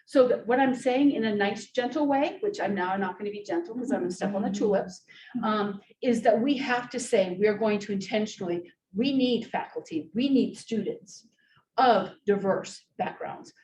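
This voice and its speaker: A woman's voice: fairly high pitch, a little mellow. A woman presenting on social work, speaking earnestly and often checking in with the audience by asking "right?". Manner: earnest, tag questions like "right?". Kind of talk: conference talk. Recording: roomy, distant mic, faint hiss.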